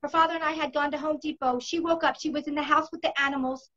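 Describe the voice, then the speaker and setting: A woman in her fifties hosts a talk, vividly and emphatically telling her own story in casual conversation. Her voice is high-pitched and fairly bright with a steady tone, and she talks fast. The recording is dull and lo-fi.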